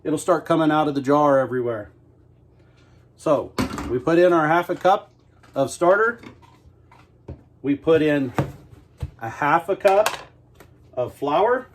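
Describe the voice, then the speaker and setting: A man's voice: fairly high pitch, lively intonation, unhurried, long pauses, slight background noise. A middle-aged man giving a casual, joking baking demonstration in his home kitchen, talking the viewer through each step in a folksy, self-mocking way. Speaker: homestead cooking host.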